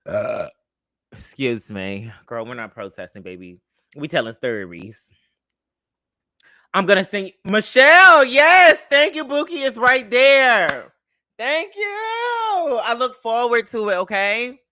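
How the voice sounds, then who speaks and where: A young man hosts his own livestream, talking straight to a close mic in a dry room. His delivery is sassy and chatty, with a bright, forceful tone and a voice that leaps all over its range. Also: very high-pitched, slow, dry recording. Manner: animated, sassy, chatty, greets viewers. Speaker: livestream host. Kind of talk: casual livestream storytelling.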